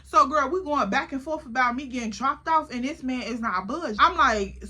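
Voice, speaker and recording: Young female vlogger, high bright voice, chatty storytime delivery. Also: normal speed, slightly rough. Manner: chatty, profane, keeps addressing the listener as "girl". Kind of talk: casual storytime.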